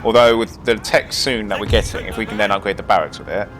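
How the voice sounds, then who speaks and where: A man's voice: on the low side, steady tone, quick pace. A man casually commentating a strategy game he is playing, rambling through asides with self-deprecating humour. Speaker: gaming commentator. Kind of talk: let's play commentary. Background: loud game music and cannon fire.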